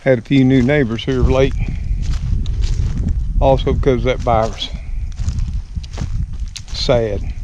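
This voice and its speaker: Slow folksy older Alabama man. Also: medium pitch, mellow, dull audio, a little hiss or hum. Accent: Southern US (Alabama). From Alabama, US Deep South. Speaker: vlogger. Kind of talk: casual walking vlog. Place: outdoors in woods and on a front porch.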